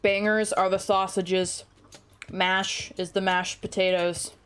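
A woman's voice: mid-range voice, little pitch movement, takes it slowly, a bit bright, clear, resonant tone. A woman streamer chatting casually and rambling in a joking, self-deprecating way, close to her microphone at home. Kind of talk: casual gaming stream chat. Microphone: close desk microphone.

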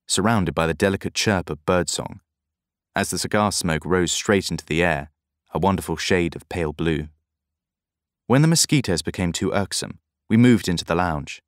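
A man reading a novel aloud in measured first-person narration. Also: deep voice, no room sound, clean studio sound. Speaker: audiobook narrator.

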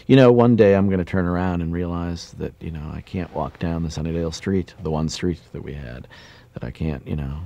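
Man, deep voice, creaky, wry, rambling, casual interview, dry mic. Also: a little fast, dark tone, dull audio, a little hiss or hum. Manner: rambling, wry, many fillers. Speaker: voice actor interviewed about a game.

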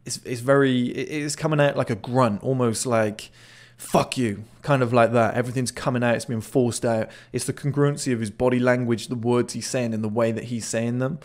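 A man's voice: mid-range voice, fairly even intonation, fairly quick, few pauses, darkish tone. A man casually commenting on a video clip, chatty and swearing now and then, often repeating words as he restarts. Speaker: body language analyst.

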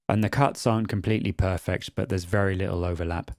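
Deep-voiced man explaining audio step by step. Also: fast, hardly any pauses, dry recording, studio quality. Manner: calm, methodical explaining. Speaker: audio tutorial presenter. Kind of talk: screen-recorded tutorial narration.

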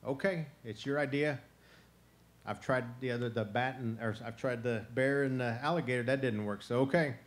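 A man's voice: medium pitch, normal speed, natural voice. A man voicing a wary mother opossum. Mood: doubtful. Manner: doubtful, hesitant.

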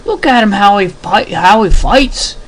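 High-pitched mock-British gent, exaggerated, playful, put on by a man. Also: animated, unhurried, fairly bright tone, slight background noise. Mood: amused. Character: mock posh British man, excited onlooker.

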